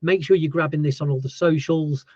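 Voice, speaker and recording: Easygoing host guy, bit hoarse, dull lo-fi sound, dry. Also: a little high, steady tone, a little fast, darkish tone, no echo. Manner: chatty, thankful, easygoing. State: losing his voice. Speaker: host and label owner. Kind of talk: casual livestream chat.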